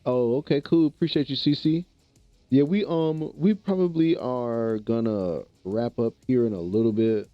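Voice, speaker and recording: A man's voice: medium pitch, moderate pace, no room sound, muffled recording, soft background music. A man from the American Midwest chatting casually with viewers on a livestream, laid-back and rambling, often repeating himself. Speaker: streamer.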